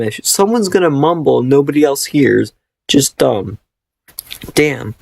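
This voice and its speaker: A man's voice: mid-range voice, expressive, a little slow, vocal fry, slightly rough, no echo. A man reading a fan fiction aloud and mocking it with sarcastic, profane, exasperated asides. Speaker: reader and commentator.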